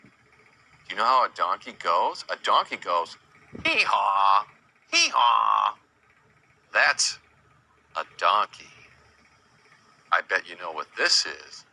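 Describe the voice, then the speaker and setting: Guy doing a slow kids' lesson, lowish voice, copies animal noises and asks questions. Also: expressive, bright, forceful tone, low-quality recording. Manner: imitates animal sounds, asks the child questions. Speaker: children's educator. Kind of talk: slow, sing-song teaching to young children.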